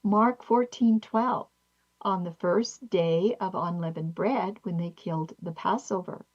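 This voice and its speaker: A woman narrating a Bible study lesson, reading verses and posing questions in a measured way. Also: on the low side, darkish tone. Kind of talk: scripted teaching narration. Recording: slightly dull lo-fi audio.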